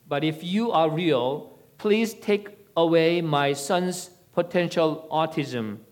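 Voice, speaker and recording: A man giving a sermon-style teaching in a measured, deliberate way. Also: on the high side.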